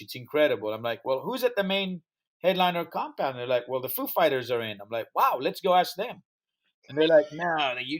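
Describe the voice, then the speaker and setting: A man who speaks English as a second language, telling a story in a podcast interview and acting out the voices of the people in it. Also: medium pitch. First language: not English. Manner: animated storyteller acting out dialogue. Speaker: music festival founder, guest.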